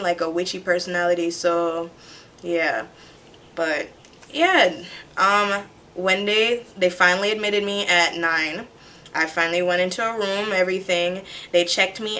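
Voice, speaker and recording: A young woman from Jamaica talks straight to her camera, telling a long personal story. Her voice sits a little low but sounds bright and forward. She keeps it chatty and animated, slipping into quoted voices of the people in her story. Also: slight background noise. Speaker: vlogger. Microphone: camera mic.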